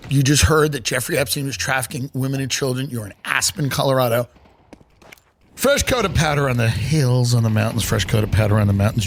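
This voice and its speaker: A man's voice: creaky, background noise. A middle-aged man hosting a comedy podcast, riffing sarcastically, acting out mock dialogue and swearing freely. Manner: swears freely, big swings in pitch. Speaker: podcast host.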